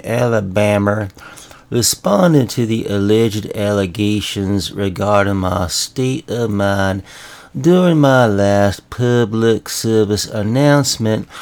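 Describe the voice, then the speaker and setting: A man voicing a blustering small-town Southern sheriff in a comedy radio bit, with a slow, slurry, pompous drawl and a Southern accent. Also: fairly low pitch, a little mellow. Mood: indignant.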